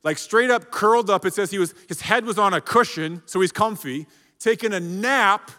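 A man's voice: high-pitched, normal speed, bright, forceful tone. A man preaching a sermon as pastor, conversational and often checking in with the congregation. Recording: echoey hall reverb.

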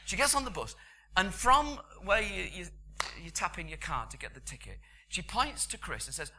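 A man's voice: on the high side, sing-song, normal speed, few pauses, bright, forceful tone. A middle-aged British man giving a sermon in a conversational, storytelling way. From Britain. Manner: conversational storytelling, chuckling asides. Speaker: preacher.

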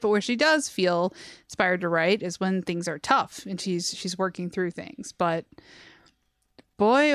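Slow, laughing woman podcast host. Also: medium pitch, fairly bright tone, no echo, clean studio sound. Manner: laughs often while retelling stories. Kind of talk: casual chat reviewing music.

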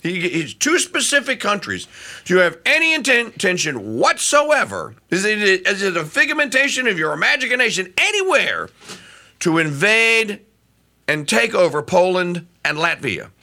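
A middle-aged man hosting a talk radio show, giving animated commentary that rambles with frequent restarts. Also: high voice, moderate pace.

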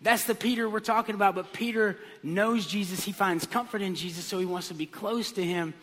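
A man's voice: high-pitched, fairly quick. A man pastor preaching a sermon, telling stories with comic voices. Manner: animated storytelling with comic voices. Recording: long hall reverb.

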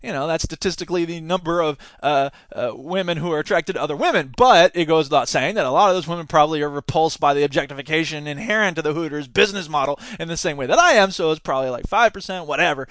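A man's voice: a little high, quick pace, hardly any pauses, fairly bright tone, no echo, studio quality. A man hosting a podcast, giving casual, sarcastic commentary and laughing often as he talks. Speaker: podcast host; teacher.

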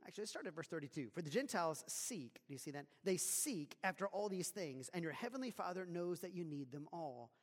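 A man preaching a sermon, moving between quiet scripture reading and loud, emphatic passages. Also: a little high. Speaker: pastor. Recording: reverberant hall.

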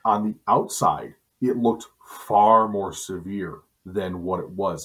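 A middle-aged man from Wisconsin, telling stories in a relaxed, chatty way on a podcast. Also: sits low. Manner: relaxed, chatty storyteller with asides and self-corrections. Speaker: podcast co-host. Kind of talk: casual storytelling.

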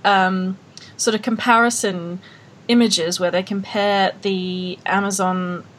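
A woman's voice: medium pitch, steady tone, takes it slowly, a bit bright, a little hiss or hum. A woman with an Australian accent hosting a podcast in casual chat, blunt and opinionated, often laughing. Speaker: podcast host.

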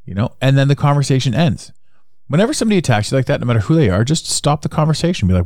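A man's voice: mid-range voice, sing-song, very fast, a little mellow, dry recording, studio quality. A man with a Canadian accent hosting a solo podcast, talking in a rambling, repetitive way that circles back on his points. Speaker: podcast host.

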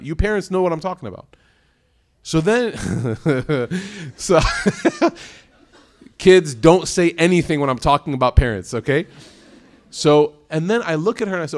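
A man giving an Islamic talk to an audience of families, telling stories animatedly and speaking directly to the crowd. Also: high voice. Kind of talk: storytelling lecture to an audience of families.

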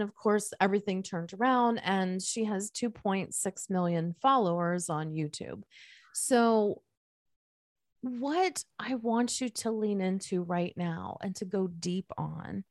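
A woman's voice: mid-range voice, a little slow, no room sound. Giggly woman podcast host, dry sound. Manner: animated, giggly storyteller. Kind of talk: conversational interview.

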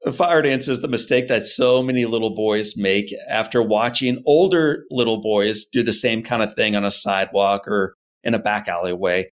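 A man being interviewed, telling a personal story in an earnest, animated way and acting out his parents' words. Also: on the low side, normal speed, hardly any pauses. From United States. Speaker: guest.

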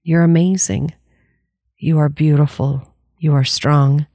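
A woman's voice: low-pitched, fairly even intonation, takes it slowly, dark tone, dry recording, studio quality. A woman life coach giving an earnest, candid motivational talk, laughing often and swearing casually.

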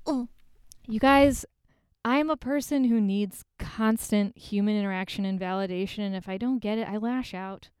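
A woman co-hosting a podcast in casual chat, going on profane, fast rants with self-mocking asides. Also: medium pitch, a little mellow, clear, resonant tone, no room sound, studio quality. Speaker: podcast co-host.

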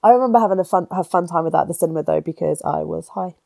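A woman's voice: fairly low pitch, rapid-fire, vocal fry, darkish tone, no room sound. A woman guest on a podcast, chatting about films in an enthusiastic, sweary way. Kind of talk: casual podcast chat.

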